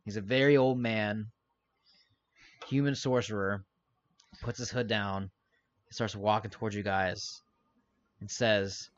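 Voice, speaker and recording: A man's voice: fairly low pitch, steady tone, a little slow, pauses often, dull audio. A man narrating a tabletop game as game master, casual and joking with his players. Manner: casual, swearing, laughing with players.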